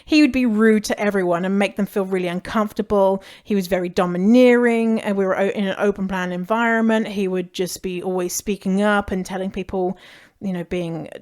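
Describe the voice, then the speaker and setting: A woman's voice: medium pitch, steady tone, fairly quick, a little mellow. A British woman hosting a podcast, giving casual advice in a frank, chatty way, swearing freely and laughing easily. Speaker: podcast host.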